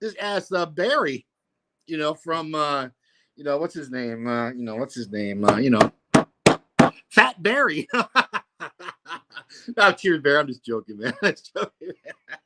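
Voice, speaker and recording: A man's voice: on the high side, animated, unhurried, long pauses, bright, forceful tone. A man hosting a casual livestream, rambling and profane, full of "you know, man.". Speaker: livestream host.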